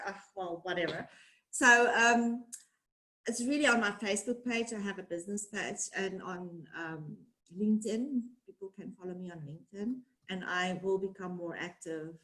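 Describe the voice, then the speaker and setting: A woman's voice: medium pitch, a bit bright, poor audio. A woman from South Africa with a South African accent tinged with American, speaking casually and with laughter as a webinar guest. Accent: South African with some American. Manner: chatty, laughing, self-deprecating. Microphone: video call.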